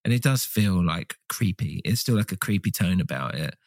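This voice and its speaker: A low-voiced man chats loosely on a podcast, tossing in wry reactions and offhand opinions. His voice sits close and dry on the mic. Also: expressive, moderate pace, vocal fry, dry recording. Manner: laid-back, joking reactions. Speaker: podcast co-host. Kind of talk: casual film discussion.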